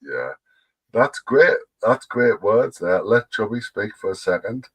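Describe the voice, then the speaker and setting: A man's voice: fairly low pitch, expressive, a little slow, breathy edge, no echo. A man teasing and mocking another panelist with sarcasm during live-stream banter. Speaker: panel guest.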